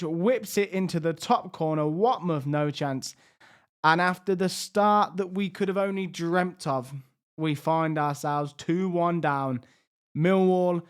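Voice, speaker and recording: A man commentating his own video game, swinging from hushed tension to loud excited outbursts. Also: sits high, smooth. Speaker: gaming YouTuber.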